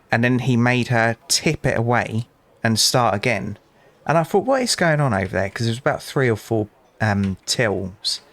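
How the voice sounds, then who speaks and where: This young British gaming channel host has a lowish, slightly bright voice with no room sound. He gives casual let's play commentary, chatting to customers and wandering into rambling anecdotes peppered with dry asides.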